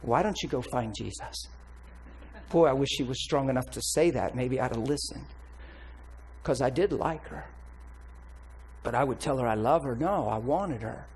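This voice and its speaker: A man preaching a candid, blunt personal testimony with animated storytelling. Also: medium pitch, normal speed, slight background noise, rough recording. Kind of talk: sermon testimony.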